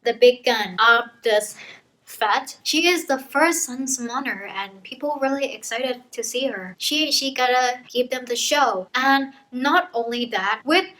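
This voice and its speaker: Bright chatty woman recapping a book. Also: high-pitched, animated, a little slow, poor audio. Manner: chatty, loose and playful, acts out quotes. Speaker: book vlogger. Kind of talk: casual book summary.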